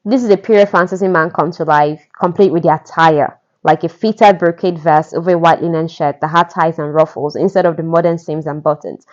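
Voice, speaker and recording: A woman with a fairly low voice retells a romance novel in a casual, chatty way, full of asides to the listener. The recording sounds dull and lo-fi. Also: fairly even intonation, brisk, few pauses, darkish tone. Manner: gushing, conversational, asides to the listener. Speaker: podcast narrator retelling a novel.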